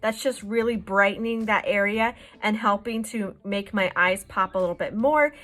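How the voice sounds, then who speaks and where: A woman's voice: medium pitch, normal speed, fairly bright tone. A woman hosting a makeup tutorial, explaining each step in a chatty, reassuring way. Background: faint background music.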